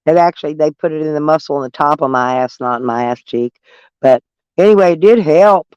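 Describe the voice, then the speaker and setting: A man's voice: on the high side, clean tone, no echo, highs cut off. A man with a stuffy nose chatting casually with viewers from his van, rambling and plainspoken. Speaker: van life vlogger. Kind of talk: casual live chat with viewers. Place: in a van, door open.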